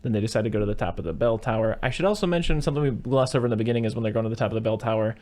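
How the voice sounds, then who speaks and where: A man hosting a podcast, casually retelling a film plot in a rambling way, with quick put-on voices for the characters. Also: lowish voice, darkish tone. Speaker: podcast host. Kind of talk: casual chat recapping a film.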